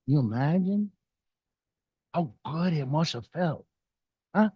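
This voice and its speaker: An older man giving an animated inspirational talk, mixing jokes and stories. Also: a little high, measured pace, long pauses, husky, no room sound, lo-fi sound. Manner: animated storyteller, jokes and acted quotes. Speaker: speaker.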